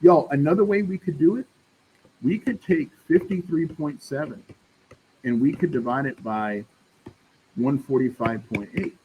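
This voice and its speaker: A man's voice: on the high side, a little slow, dull audio, a little hiss or hum. A man teaching a math class in a casual, chatty way, often checking in with the room. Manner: casual, addresses class as y'all, checks in with "right?". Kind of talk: classroom lecture.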